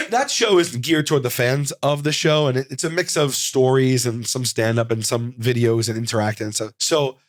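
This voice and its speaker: A man in his forties, a comedian guest in an interview, telling stories in an animated, rambling way full of fillers and restarts. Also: medium pitch, normal speed, no room sound, clean studio sound. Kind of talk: casual interview storytelling. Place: studio.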